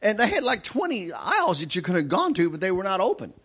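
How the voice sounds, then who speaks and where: A man preaching a sermon in a church, telling stories with animated delivery. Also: high voice, fast, slightly rough. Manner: animated, acts out shouting in stories. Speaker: guest preacher. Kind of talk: sermon with storytelling. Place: church sanctuary.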